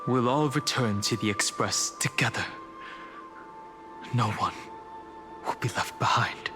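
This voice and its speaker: An actor playing a calm, reserved young man, speaking in a measured, quiet and solemn way in a game cutscene. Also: mid-range voice, close to an everyday voice. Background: game soundtrack music.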